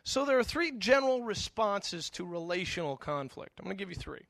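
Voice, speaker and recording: Animated, high-voiced pastor preaching. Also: male voice, brisk, vocal fry, no echo. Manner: animated storytelling, with frequent stammered restarts. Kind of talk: conversational sermon.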